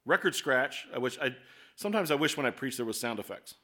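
A man preaching a sermon as pastor, explaining scripture in a conversational way and reading verses aloud, slowing down and speeding up for emphasis. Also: mid-range voice, lively intonation, pushed and bright.

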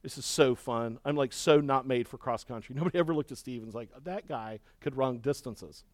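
A middle-aged man preaching a sermon and telling a story with lively, acted-out shouting and cheering. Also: mid-range voice, fast talker, dry recording. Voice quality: balding. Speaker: pastor.

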